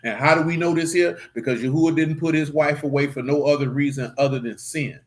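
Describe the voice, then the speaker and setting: A man teaching scripture in a casual stream, joking and swearing in street slang, with sudden animated outbursts. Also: fairly high pitch, quick pace. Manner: animated preaching with rising outbursts. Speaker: Bible teacher.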